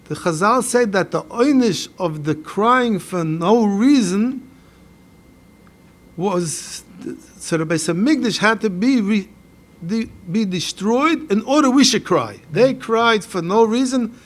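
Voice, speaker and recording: An older rabbi with a high voice and a Yeshivish American accent teaches a Torah class. He reads the old texts aloud in Hebrew, then puts them into English and presses on the puzzle they pose. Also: animated, slow. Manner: mixes Hebrew and Yiddish phrases into English, rereads and explains texts; questioning, builds up a puzzle. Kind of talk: Torah lecture.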